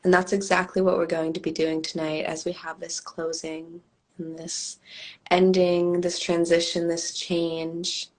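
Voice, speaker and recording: A woman with a hoarse, scratchy voice, co-hosting a live stream and guiding a calm meditation. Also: on the low side. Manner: slow, calm guiding cadence. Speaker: co-host and meditation guide. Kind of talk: guided meditation and casual chat. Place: home, on a live video stream.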